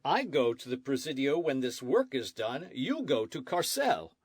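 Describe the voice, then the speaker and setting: A man's voice: mid-range voice, big pitch swings, normal speed, slightly rough, no echo, pitched above the performer's own voice. A man voicing a curt, stubborn army sergeant. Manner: curt, repetitive, matter-of-fact. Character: blunt, stubborn military sergeant.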